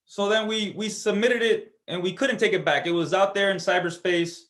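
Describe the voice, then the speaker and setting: A man's voice: sits high, steady tone, normal speed, fairly bright tone. A man telling a personal story as a guest speaker at a church service, in an earnest, conversational way.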